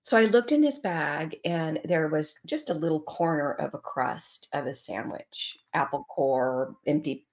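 A woman's voice: sits low, expressive, unhurried, few pauses. A middle-aged woman telling an emotional personal story as a guest in an interview.

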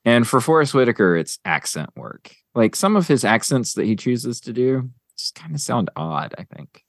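A man hosting a podcast in a casual chat, his pitch swinging widely as he rambles through a countdown. He leans on fillers and eager asides. The sound is close and dry, with no room around it. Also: big pitch swings, normal speed, dry recording. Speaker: podcast host.

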